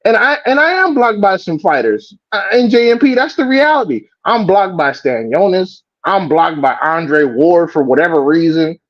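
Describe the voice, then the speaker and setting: Man, stream host, casual profane rant, animated, fairly high voice, dull lo-fi audio. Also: moderate pace, hardly any pauses. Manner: animated, profane, mocks others in quoted voices.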